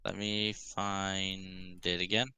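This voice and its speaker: A man serving as game master for an online tabletop game, relaxed and casually profane. His lowish voice has a bright, forceful edge and sounds dry and close to the mic. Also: takes it slowly, smooth, no room sound. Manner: laid-back, swears casually.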